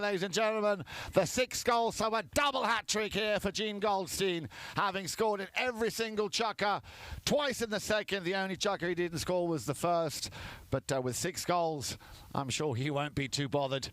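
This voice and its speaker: Guy calling a polo match live, chatty, smooth resonant voice, gets excited on goals. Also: sits high, moderate pace, no room sound. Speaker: polo commentator. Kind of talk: live sports commentary.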